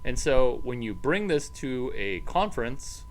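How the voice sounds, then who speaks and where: A man's voice: mid-range voice, very animated, measured pace, poor audio. A man rambling playfully in a casual monologue as an entrepreneur vlogger, jumping between topics and cooing at his dog.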